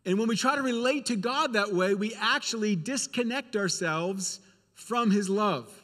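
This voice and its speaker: A man's voice: high voice, normal speed, fairly bright tone, in a large hall. A male preacher giving a sermon in a church, speaking earnestly and repeating phrases for emphasis.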